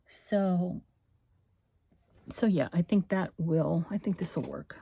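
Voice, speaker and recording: A woman's voice: fairly low pitch, takes it slowly, creaky, long pauses, warm tone, a little hiss or hum. An older woman hosting a craft channel, chatting casually and rambling to herself as she works. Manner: chatty, rambling, talks to herself while working. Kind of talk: casual chat while crafting.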